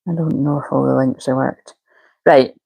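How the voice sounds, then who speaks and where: A woman's voice: rumbling low, fairly even intonation, moderate pace, vocal fry, mellow, husky, dry recording, low-quality recording. A woman, a spiritual coach chatting casually on a live stream and muttering to herself while she fiddles with settings.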